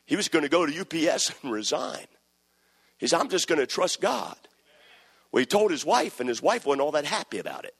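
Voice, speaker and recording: Preacher in a long-echo hall, lively pitch. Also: male voice, fairly quick, gravelly, slightly rough. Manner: builds from low conversational storytelling to shouted exhortation. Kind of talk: sermon with storytelling.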